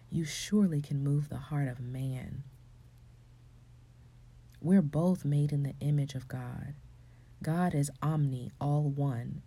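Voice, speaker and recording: Low, warm woman giving a faith pep talk. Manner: earnest, coaching, sometimes breathy and hushed, then rising into emphatic exclamations. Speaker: faith and relationship speaker. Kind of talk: motivational faith talk to women.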